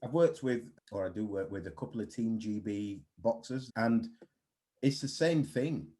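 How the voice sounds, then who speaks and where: A man's voice: on the low side, normal speed. A man, a mindset coach speaking bluntly and animatedly in a casual interview. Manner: blunt, animated storytelling with swearing.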